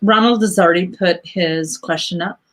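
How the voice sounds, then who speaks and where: A woman giving a psychic reading on a live stream, speaking slowly and carefully with clear emotion. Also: on the low side, fairly bright tone, poor audio. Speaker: psychic reader.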